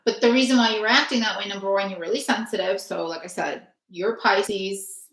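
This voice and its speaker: A woman's voice: mid-range voice, brisk, gravelly, fairly bright tone. A woman hosting a spiritual healing session, talking earnestly in long runs full of fillers. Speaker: spiritual healer host. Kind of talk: casual spiritual chat. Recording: echoey room.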